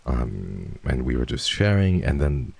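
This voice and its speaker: A man chatting playfully on a livestream, teasing viewers and swearing freely as he reads donations, jumping between loud bursts and hushed murmurs. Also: rumbling low, big pitch swings, measured pace, gravelly, husky. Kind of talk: casual livestream chat, reading donations.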